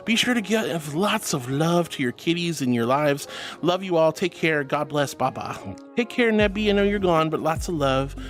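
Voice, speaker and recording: An affectionate VTuber streamer chatting live with viewers, sprinkling endearments and giggly thanks. The voice sits at a middling pitch but leaps up and down in lively swings, with faint music playing underneath. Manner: affectionate, calls viewers sweetie and honey. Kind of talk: casual live-stream chat reading.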